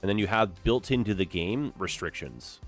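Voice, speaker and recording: A man's voice: low-pitched, animated, moderate pace, soft background music. A young man chatting casually while live-streaming a city-building game, upbeat and full of "like" and "eh?".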